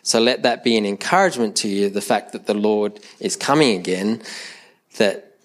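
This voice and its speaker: At a church service, a pastor with a lowish voice preaches at a moderate pace. His sermon is conversational, and he often repeats words as he restarts a thought. He aims light humor at the congregation.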